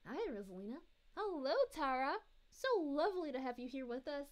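Sweet giggly space princess played by a woman, high voice, chatting with her stream. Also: lively intonation, a little fast. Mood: cheerful. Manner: sweet, giggly, reads chat messages aloud. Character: gentle cosmic princess, sweet and motherly. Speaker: VTuber streamer. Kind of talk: live-stream chat in character.

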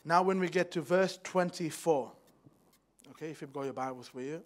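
A young man preaching a sermon in a church, moving from hushed personal storytelling to loud, fervent exhortation. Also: fairly high pitch, normal speed. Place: church hall.

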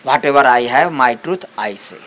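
A male spiritual teacher giving a satsang talk on meditation, speaking unhurried, halting English with many restarts. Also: medium pitch, expressive, fairly bright tone, rough recording.

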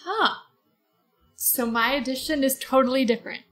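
A woman's voice: sits high, normal speed, a bit bright, rough recording. A woman co-hosting a podcast, chatting enthusiastically about a book with lots of 'like' fillers. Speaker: podcast co-host. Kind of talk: casual book discussion.

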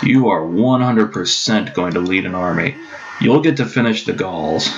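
A man's voice: deep voice, animated, normal speed. A man casually commenting on his strategy game play, chatty and swearing, joking to himself. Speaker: gameplay commentator. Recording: dull lo-fi mic with clear noise.

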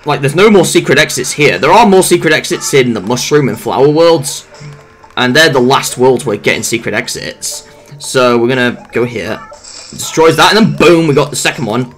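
A young man talks through a platform game in loose, rambling commentary. His pitch swings widely from low mutters to high yelps, and he peppers everything with swearing and silly asides. Quiet game music plays behind him. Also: expressive, normal speed. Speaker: gameplay commentator. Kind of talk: casual let's play commentary.

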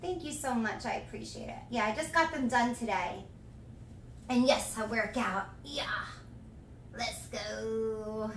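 A young woman streaming live, chatting with viewers and thanking them in a bubbly, gushing way with excited shouts. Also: fairly high pitch, measured pace, recorded from a distance, slight background noise. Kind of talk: live stream chat, reading donations. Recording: echoey room, voice a little off-mic.

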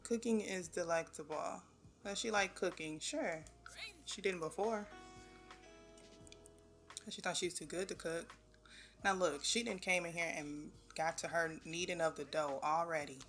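A young woman giving casual gameplay commentary, talking to the game characters and grumbling at them when they are too slow. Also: on the low side. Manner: animated, talks to the game characters, exasperated asides. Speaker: gameplay video host. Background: faint background music.

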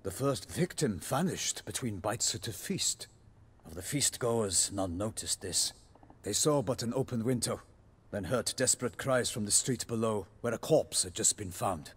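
An actor playing a grave, formal knight in a video game, speaking in measured, old-fashioned phrasing. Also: male voice, lowish voice, animated, husky.

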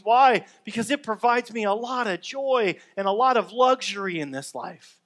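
A man's voice: high-pitched, normal speed, a bit bright. A man preaching a sermon in a conversational, upbeat way, acting out everyday complaints to make his point. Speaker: pastor.

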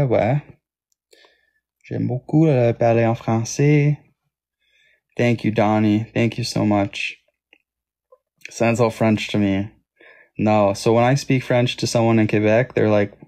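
A man's voice: lowish voice, vocal fry, warm tone. A man with a Toronto Canadian accent, chatting casually on a live stream and thanking viewers by name. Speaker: livestream host.

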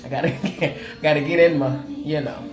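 Speaking at a moderate pace with a low, fairly even voice, this Oklahoma woman runs a makeup livestream and greets viewers by name. Her casual chat with them has a sassy, playful edge. Faint music plays in a roomy-sounding space.

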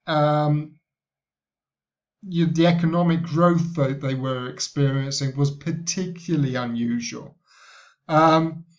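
A male university lecturer giving a recorded lecture, talking in a halting way with many restarts. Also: fairly high pitch, muffled recording. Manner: hesitant, many fillers and restarts.

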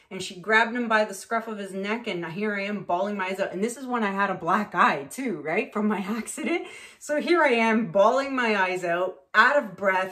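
A middle-aged woman from Canada, painting on camera and telling a story in a casual, animated way, acting out the voices of the people in it. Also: medium pitch, moderate pace. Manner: animated, acts out voices in her stories. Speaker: acrylic pour painter.

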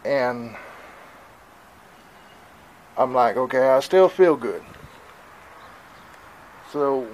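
A man's voice: mid-range voice, expressive, drawn-out words, pauses often, a little mellow, poor audio. A man, talking in a rambling, worried way in a casual vlog, out of breath and with a stuffy nose, recorded outdoors on a handheld camera. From Southern United States. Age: 40s. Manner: rambling, worried, plain-spoken. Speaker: vlogger. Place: outdoors in wind.

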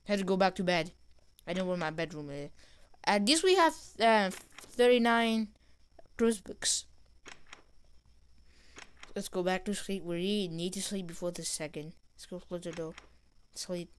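Excitable woman narrating a game. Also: fairly low pitch, moderate pace, long pauses, clear, resonant tone. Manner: reads game dialogue aloud, excitable. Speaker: gamer. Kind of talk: gameplay commentary.

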